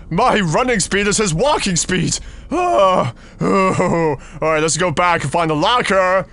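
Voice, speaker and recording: A high, lively male voice rising and falling sharply, as an excitable gamer narrates his horror playthrough. His tone is bright and a little sharp, and he reacts out loud as the scares land. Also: measured pace, few pauses. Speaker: gaming channel host. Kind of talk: horror game let's play commentary.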